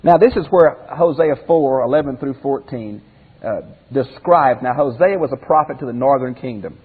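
A man's voice: medium pitch, normal speed, husky, in a large hall, narrow, tinny audio. A man teaching a Bible commentary lesson as a pastor in a folksy way, asking his listeners rhetorical questions.

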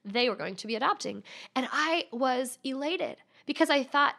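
A woman's voice: high voice, expressive, normal speed, vocal fry, hardly any pauses, pushed and bright. A woman in her thirties, a podcast guest candidly telling a personal story.

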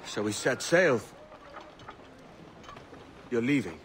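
An actor voicing a gruff, weary male pirate captain who talks in a rough, wry way in a game cutscene. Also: medium pitch, big pitch swings, slow pace, a bit bright, slight background noise.

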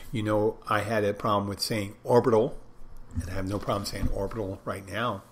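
A man's voice: fairly low pitch, level tone, brisk, slightly rough. Man rambling on a solo podcast. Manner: rambling, digressive, thinking aloud. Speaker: podcast host. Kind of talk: casual solo podcast monologue.

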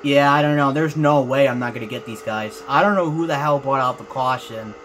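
A young man with a medium-pitched, slightly bright voice talks briskly over a bit of background noise. Hosting a racing game let's play for his gaming channel, he speaks to viewers and keeps repeating his frustration as he races.

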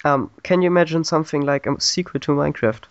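A man's voice: a little high, fast talker, clear, resonant tone, dry recording. Man host asking interview questions. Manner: reads questions, laughs along. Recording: dull, muffled lo-fi online call.

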